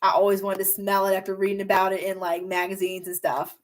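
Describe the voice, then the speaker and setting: A woman's voice: medium pitch, completely flat delivery, fast talker, hardly any pauses. A young woman YouTuber chatting casually on a livestream, reading viewer comments in a bubbly, rambling way with plenty of filler words. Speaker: beauty and hair YouTuber.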